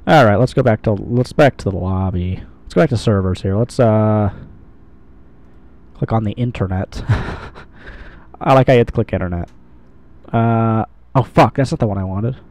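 A man's voice: on the low side, normal speed, darkish tone. A man giving casual, rambling gameplay commentary, swearing and joking at himself as he plays. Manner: rambling, sweary, self-mocking. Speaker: gamer, channel host.

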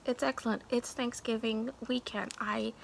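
Female craft vlogger at home, chatty and effusive, gravelly and somewhat high, in a noisy recording. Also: steady tone, moderate pace. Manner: chatty and gushing, with many fillers. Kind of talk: casual show-and-tell chat. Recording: background noise of crinkling packaging.

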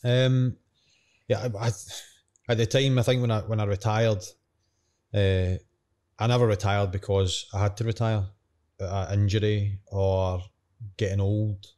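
A man's voice: lowish voice, flat delivery, unhurried, long pauses, darkish tone. A man in his thirties, a former footballer, telling stories as a podcast guest in a chatty, matey way. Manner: chatty, matey, retells quotes. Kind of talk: casual interview storytelling.

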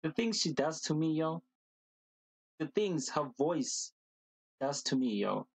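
A man hosting a reaction video, talking casually and excitedly, gushing and repeating slang fillers. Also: fairly high pitch, slow, creaky, husky, dry recording, low-quality recording.

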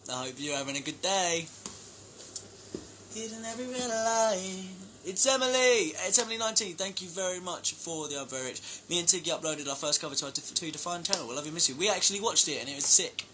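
A man's voice: a little high, fast, hardly any pauses, pushed and bright, slight background noise. A young man chatting casually on a live stream, reading out fan names and thanking them for gifts. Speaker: band member live-streaming to fans.

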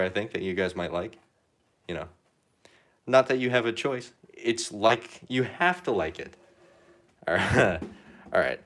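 Brief: young guy, lowish voice, loose joking livestream chatter while painting. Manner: rambling, joking, lots of fillers. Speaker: art livestreamer.

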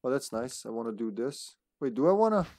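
A man's voice: mid-range voice, sing-song, a little fast, a little mellow, dry recording, studio quality. A man streaming a horror game live, chatting casually and rambling, laughing often between remarks. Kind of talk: casual gameplay commentary.

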